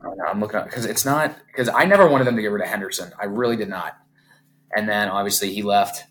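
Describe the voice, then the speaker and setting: A man's voice: on the low side, fast. An American man co-hosting a casual sports podcast, telling stories candidly and peppering them with "like". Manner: candid, animated storytelling with swearing and "like". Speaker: podcast co-host.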